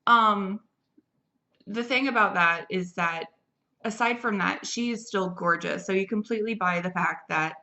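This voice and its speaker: A young woman reviews a film in a loose, chatty way, with lots of fillers and restarts. Her voice sits low and carries a gravelly fry, with a tense, bright edge. The recording sounds dull and lo-fi. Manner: rambling, chatty, full of "like" and restarts. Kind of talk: casual spoken movie review.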